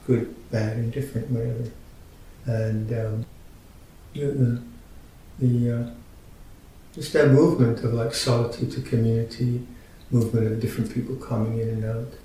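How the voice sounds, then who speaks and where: Mellow older man giving a dharma talk. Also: vocal fry. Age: 60s. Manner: unhurried, halting, gently humorous. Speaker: Buddhist teacher. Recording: very echoey room, mic at a distance, faint rumble.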